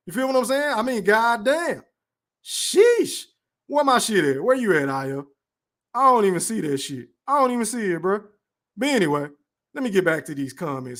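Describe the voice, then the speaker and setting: A brash man with a high-pitched voice runs a live podcast stream. He reads chat comments aloud and peppers his casual talk with profanity. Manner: brash, profane, drawn-out shout-outs.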